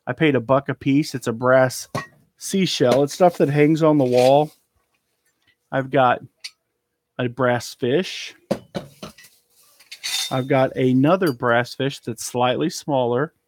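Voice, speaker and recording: In a cluttered indoor storage room, a man with a mid-range voice and fairly even intonation chats live about his eBay reselling haul. He talks slowly with long pauses, rambles and trails off with ums, and slight background noise can be heard.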